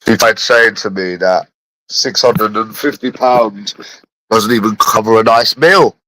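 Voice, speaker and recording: A man's voice: lowish voice, unhurried, pushed and bright, no room sound, poor audio. A man with a phlegmy cough, ranting in a repetitive, rambling, profane casual monologue. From London.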